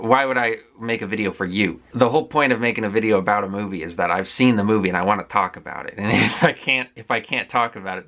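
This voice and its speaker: A man's voice: lowish voice, a bit bright. A man casually recapping a film he watched, rambling with frequent fillers and restarts in a candid, conversational way. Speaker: movie vlogger.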